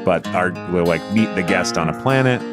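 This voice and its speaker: Deep-voiced hesitant man guest. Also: animated, fairly quick, loud music behind the voice. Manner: hesitant, dry humor. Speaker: podcast guest. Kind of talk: casual chat.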